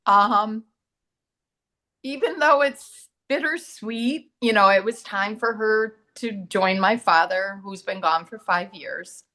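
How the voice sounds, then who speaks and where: Her voice is medium-pitched, slow and sharp. As a guest in a relaxed talk-show conversation, this middle-aged woman, who works as a medium and massage therapist, earnestly recounts stories and acts out the dialogue within them.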